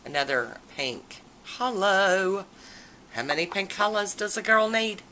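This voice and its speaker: A woman chatting casually and enthusiastically in a haul video, with drawn-out exclamations. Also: mid-range voice, lively intonation, bright, forceful tone, a little hiss or hum, poor audio. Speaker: nail polish vlogger.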